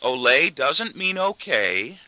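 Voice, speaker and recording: A man's voice: fairly high pitch, takes it slowly, no echo, voice pushed up, exaggerated voice, rough recording. A man doing a sullen sarcastic teen daughter. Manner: soft weary monotone.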